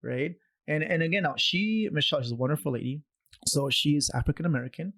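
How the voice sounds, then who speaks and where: A man, a podcast guest, telling stories in a conversational way, animated and acting out quoted voices, with many restarts. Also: on the high side, fast. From Canada. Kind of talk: conversational storytelling.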